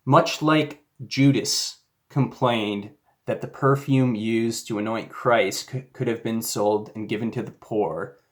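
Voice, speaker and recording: Slow-talking man telling his story. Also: medium pitch, fairly even intonation. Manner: casual, rambling, many fillers and restarts. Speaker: YouTuber. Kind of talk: personal faith story.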